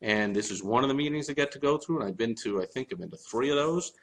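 A man's voice: medium pitch, lively intonation, fast, poor audio. Chatty enthusiastic middle-aged man. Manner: chatty, enthusiastic, rambling with fillers. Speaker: marketing vlogger. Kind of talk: casual talk to camera. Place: room in his home, indoors.

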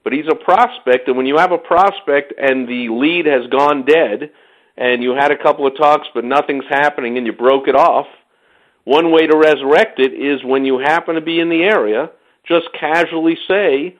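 A man hosting a casual podcast, talking in an animated, sarcastic way and speaking to the listener directly. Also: a little high, normal speed, lo-fi sound. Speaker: podcast host. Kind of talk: casual political podcast chat.

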